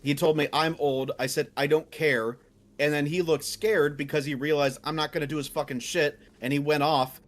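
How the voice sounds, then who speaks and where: A man with a fairly high voice vents in casual podcast chat. He is heated and swears freely, and he acts out the other people in his story by pushing his voice up high. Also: steady tone, normal speed. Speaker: podcast co-host.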